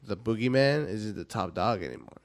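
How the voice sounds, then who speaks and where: Brief: comedian guest, male, loose profane storyteller with a lively, bouncing delivery. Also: a little fast, clean tone. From South Texas. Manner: profane storyteller, acts out shrill quoted voices. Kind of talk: casual podcast chat.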